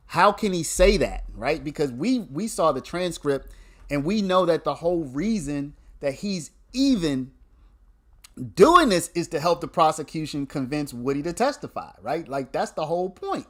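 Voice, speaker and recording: A man's voice: fairly high pitch, sing-song, measured pace. A man, hosting a casual livestream where he explains a legal argument to viewers, repeating points and restarting sentences.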